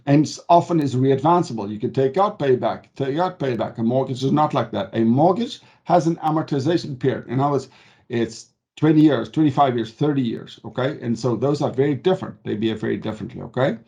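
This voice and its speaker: A mortgage advisor with a medium-pitched, gravelly, warm voice explains loans to camera at a fairly quick pace, in lo-fi sound. He speaks conversationally and emphatically, stressing key words and often checking in with "okay?".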